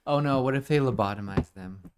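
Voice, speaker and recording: A man's voice: mid-range voice, smooth. Eager male podcast co-host. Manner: eager, jumps in with quick suggestions. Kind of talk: casual brainstorming chat.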